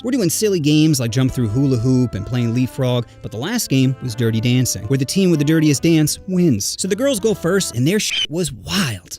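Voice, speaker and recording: A man's voice: medium pitch, darkish tone. A man telling a comedic story in a brash, mocking way.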